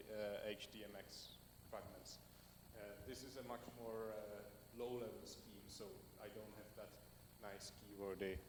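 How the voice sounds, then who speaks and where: A man presenting at a tech meetup and answering audience questions in a loose, conversational way, while losing his voice. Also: lowish voice. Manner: loose and conversational, many fillers, builds lists. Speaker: conference speaker. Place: meetup hall. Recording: hall reverb with faint noise.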